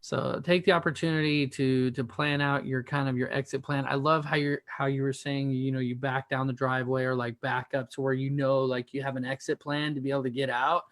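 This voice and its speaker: A man's voice: mid-range voice, level tone, fairly quick, hardly any pauses, a bit bright, no echo. Chatty male podcast host, dry sound. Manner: rambling, encouraging, restarts sentences. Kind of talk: casual interview hosting.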